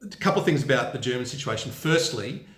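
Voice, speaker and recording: A man's voice: medium pitch, animated, fast, fairly bright tone. A man with an Australian accent talking casually to his viewers. He muses aloud, corrects himself as he goes and often asks viewers for answers. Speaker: vlogger. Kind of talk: casual unscripted vlog talk. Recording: roomy echoey room.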